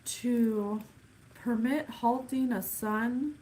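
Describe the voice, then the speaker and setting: A woman doing a casual psychic reading in a slow, unhurried voice, sighing and thinking aloud as she goes. Her voice sits a bit on the high side. A faint hiss of noise runs under the recording. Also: warm tone, poor audio. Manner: slow, halting, counts things off one by one. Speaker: psychic reader. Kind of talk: casual spirit reading to camera.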